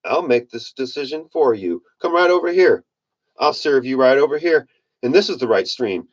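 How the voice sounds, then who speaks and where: A man's voice: medium pitch, lively intonation, normal speed, natural voice. A man voicing a smug, controlling narcissist who coaxes someone with a patronizing, wheedling manner. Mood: coaxing.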